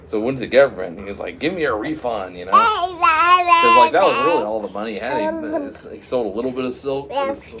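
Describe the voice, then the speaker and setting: A man telling an improvised comic story in a rambling, halting way, with lots of restarts. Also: medium pitch, wildly swooping pitch, very noisy.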